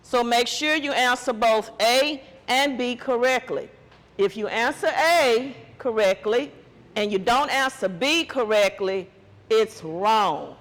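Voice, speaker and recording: A man's voice: very high-pitched, slow pace, a bit bright, in a large hall. A man teacher giving a test-prep lesson, quizzing students with call-and-response questions.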